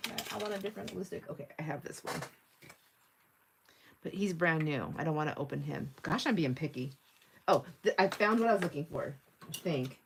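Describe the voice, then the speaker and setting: A middle-aged woman with a slightly low voice hosts a casual craft livestream. She chats freely, laughs often and reads viewer comments aloud as she works at her table. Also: expressive, fairly quick, vocal fry, long pauses, noisy background. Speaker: livestream host.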